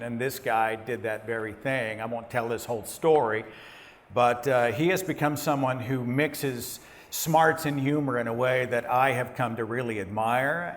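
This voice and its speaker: Relaxed man hosting a live show. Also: mid-range voice. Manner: relaxed, chatty, with fillers. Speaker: host introducing a guest. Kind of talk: casual stage introduction. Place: live stage before an audience.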